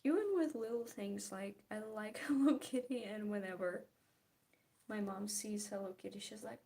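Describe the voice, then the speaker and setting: This art vlogger, a young woman, has a dark, medium-pitched voice with vocal fry and a moderate pace. She chats casually and giggles while painting, her words trailing off into murmured, half-whispered asides.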